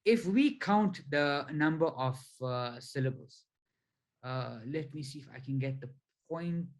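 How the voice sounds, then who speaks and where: Slow, deliberate male spiritual teacher. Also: fairly high pitch, poor audio. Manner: slow, deliberate explaining with frequent fillers; counts syllables aloud one by one. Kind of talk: lecture with slides.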